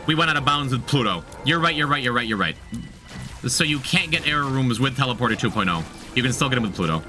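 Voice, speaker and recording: Lively, bright-voiced male game streamer. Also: medium pitch, quick pace, faint music behind. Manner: chatty, thinks aloud, repeats himself, talks to chat. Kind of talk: casual gameplay commentary.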